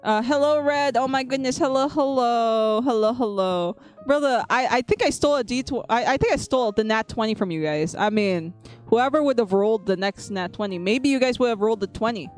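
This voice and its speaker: A woman VTuber draws while chatting with her live-stream viewers, playfully teasing them, repeating herself, and laughing often. Her voice is on the high side and fairly quick, with soft background music.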